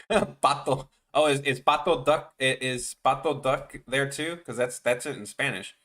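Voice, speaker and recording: A man's voice: medium pitch, a little slow, a bit bright. A man chatting casually with viewers on his animation live stream, rambling and joking, often trailing off mid-sentence.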